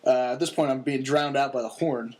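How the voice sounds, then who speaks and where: A man's voice: medium pitch, steady tone, a little fast, a little mellow. Laid-back young man telling a story. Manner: laid-back, rambling with many fillers and chuckles. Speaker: podcast storyteller. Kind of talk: casual storytelling.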